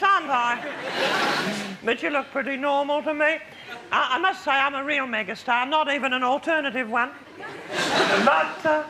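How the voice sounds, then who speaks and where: A man playing Dame Edna, a high, gushing Australian megastar dame. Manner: gushing, grandly condescending, sly innuendo. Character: grand, vain female megastar housewife, gushing and catty. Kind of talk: live stand-up character act. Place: TV studio with live audience. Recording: loud live studio with roaring crowd and noise.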